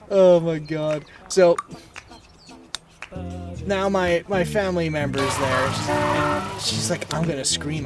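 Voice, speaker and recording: A man's voice: fairly high pitch, distant mic. A man streaming live, telling a rambling, exasperated story in casual chat and swearing now and then. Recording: voice off-mic with loud music. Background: loud music.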